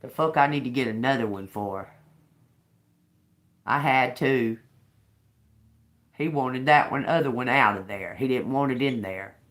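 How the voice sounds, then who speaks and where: A woman's voice: very deep voice, unhurried, long pauses. A woman doing a casual live tarot reading, talking loosely, restarting phrases and swearing now and then. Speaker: tarot reader.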